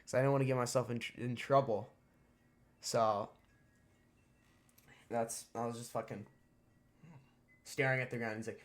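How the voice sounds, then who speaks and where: A man's voice: mid-range voice, steady tone, moderate pace, pauses often. A teenage boy streamer telling a story casually, profane and rambling with lots of fillers. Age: teens.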